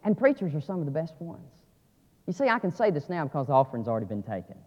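A man preaching a sermon, dropping to quiet asides and rising to loud, emphatic climaxes. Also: sing-song, fast talker. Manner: swings from low asides to shouted climaxes. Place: church sanctuary. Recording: lo-fi audio with long church reverb.

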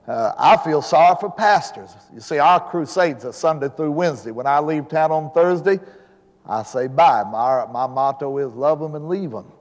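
A man's voice: medium pitch, a little mellow. A man in his seventies, an evangelist preaching a sermon in a church, telling folksy jokes before building to fervent preaching. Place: church sanctuary. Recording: long hall reverb.

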